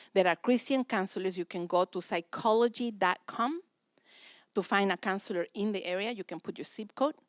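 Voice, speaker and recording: A woman's voice: mid-range voice, no room sound, studio quality. A woman giving a practical, direct parenting talk at a church seminar. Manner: direct, practical, acts out family dialogue. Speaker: speaker at a parenting session.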